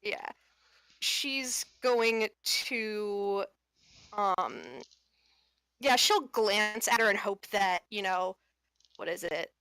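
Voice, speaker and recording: A woman's voice: mid-range voice, very slow, long pauses, sharp tone, clear, resonant tone, dry recording. A woman playing a tabletop game, talking casually and hesitantly. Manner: casual, hesitant, laughing easily. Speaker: player. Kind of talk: tabletop role-play chat.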